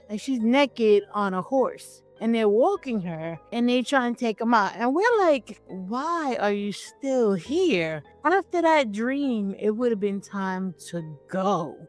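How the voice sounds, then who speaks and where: A woman's voice: fairly high pitch, lively intonation, measured pace, darkish tone. Slangy woman chatting with faint music behind. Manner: slangy, questioning, laughs often. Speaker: co-host reviewing a film. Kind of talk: casual chat.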